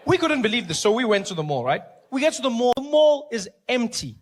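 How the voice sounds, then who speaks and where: A man's voice: very high voice, big pitch swings, fairly quick, few pauses. A man from South Africa doing a stand-up comedy routine, telling stories animatedly and acting out the scenes.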